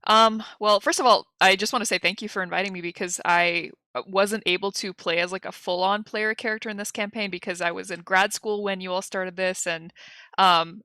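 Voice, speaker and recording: Bright, chatty young woman. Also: lowish voice, no echo. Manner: chatty, laughing, quick storytelling. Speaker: guest player. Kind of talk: casual chat. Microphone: video call.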